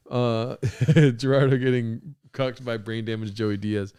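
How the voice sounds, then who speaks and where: A man hosting a podcast, reacting to stream clips in casual, excitable, profane talk, laughing often. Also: medium pitch, fairly quick, hardly any pauses, clean tone.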